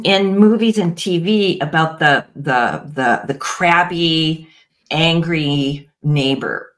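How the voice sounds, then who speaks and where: A woman therapist talks through her method in an interview, her low voice moving slowly and gently. She pauses often and restarts phrases as she thinks, sounding measured and patient. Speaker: IFS practitioner, guest. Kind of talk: explanatory interview talk.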